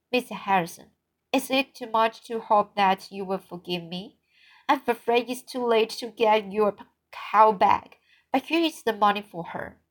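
A woman's voice: mid-range voice, lightly acted. Brief: earnest, pleading teenage girl in an audiobook, read by a woman, apologetic and eager.

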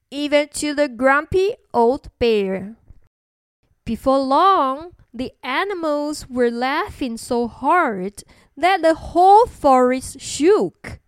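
Slow, sing-song children's storyteller woman. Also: sits high, no room sound, clean studio sound. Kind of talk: bilingual children's story narration.

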